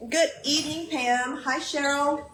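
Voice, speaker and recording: A woman's voice: sits high, steady tone, a little slow. A woman hosting a casual livestream from her home kitchen, chatting as she cooks and greeting viewers by name. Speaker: livestream host. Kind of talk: casual chat while cooking live. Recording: echoey room with clear background noise.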